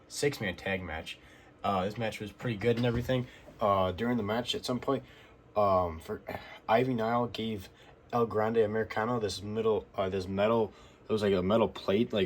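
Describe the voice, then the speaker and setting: Over a faint hiss, a man recaps the week's wrestling in a low, flat voice that barely rises or falls. His casual commentary wanders, packed with fillers and blunt opinions.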